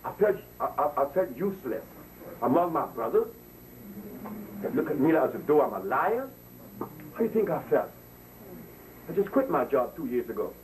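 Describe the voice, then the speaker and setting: Animated man lecturing from afar. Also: a little high, moderate pace, long pauses. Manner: preachy, emphatic, repeats words for emphasis. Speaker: speaker addressing an audience. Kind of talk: impassioned lecture. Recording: distant mic with faint noise.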